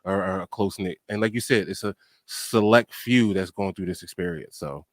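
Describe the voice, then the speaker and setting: A man's voice: low voice, normal speed, dry recording, studio quality. A man hosting a podcast in casual interview chat, easygoing and supportive, laughing along with his guest. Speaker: podcast host.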